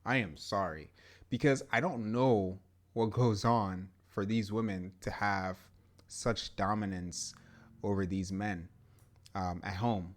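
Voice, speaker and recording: Low-voiced animated male podcast host. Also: slow. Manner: animated, emphatic, laughs often. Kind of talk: casual chat.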